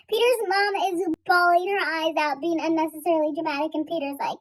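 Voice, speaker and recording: A young woman with a very high, steady voice chats casually into her phone, held at arm's length, reacting to a TV finale. She talks fairly quickly with few pauses, giggly and exasperated, peppering her speech with "like" and "y'all."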